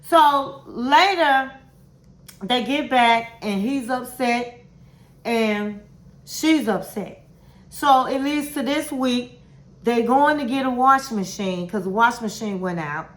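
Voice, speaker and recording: A woman with a somewhat high voice recaps a reality show in casual, candid commentary. She is sassy and opinionated, tossing out "honey" and "girl" as she talks. Her voice rings in a roomy, echoey space. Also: slow pace. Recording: roomy echo.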